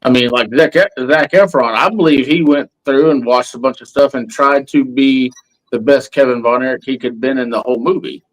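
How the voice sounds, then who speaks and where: A man from Texas, chatting casually as a guest in a rambling, halting, easygoing way. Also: medium pitch, poor audio. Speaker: podcast guest. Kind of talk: casual round-table chat.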